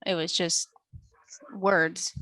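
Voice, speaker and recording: A woman's voice: on the low side, little pitch movement, very slow, bright, forceful tone. A woman taking part in a coaching session over a video call, answering bluntly and directly. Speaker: coaching participant.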